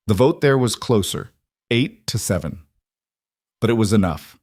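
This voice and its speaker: A man narrating a dramatic story in a steady, measured, scripted way. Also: lowish voice, breathy edge, no room sound, clean studio sound.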